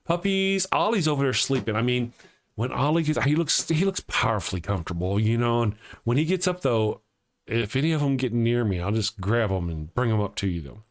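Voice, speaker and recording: A man's voice: medium pitch, expressive, fairly quick. A man hosting a casual live morning show, reading viewer comments aloud and joking, often chuckling as he talks.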